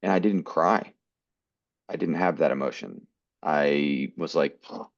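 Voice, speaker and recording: Deep deep voice american guy telling his story in an interview, kinda dull audio. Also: a little slow, gravelly, no room sound. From United States. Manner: earnest, quotes people in his stories. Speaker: guest actor.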